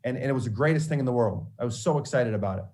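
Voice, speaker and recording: A male sportscaster from Minnesota speaks to a room of students in an easy storytelling tone. His pitch sits at a middle level, and he keeps the account candid and animated. He often restarts his sentences as he talks. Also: racing. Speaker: sportscaster giving a mentoring talk.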